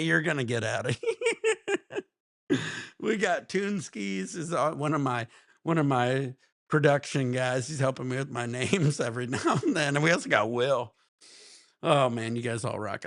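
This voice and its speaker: A man's voice: mid-range voice, creaky, fairly bright tone. A man hosting a casual livestream, chatting with viewers, laughing a lot and breaking into profane rants. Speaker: livestream host.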